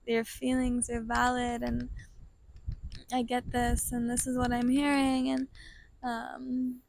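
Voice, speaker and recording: A woman telling a deeply personal story in a slow, earnest, heartfelt way, breaking into soft laughs now and then. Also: completely flat delivery, creaky, a little hiss or hum. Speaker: vlogger sharing a personal story.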